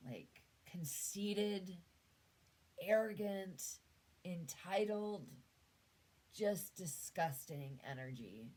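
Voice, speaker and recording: A Canadian woman talks through a tarot spread in an easygoing monologue. Her voice sits low and she takes her time. She muses aloud, trailing off and starting sentences over. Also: lively intonation, extremely slow, pauses often, darkish tone, poor audio. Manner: musing, trails off and restarts. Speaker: tarot reader. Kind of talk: casual tarot reading monologue.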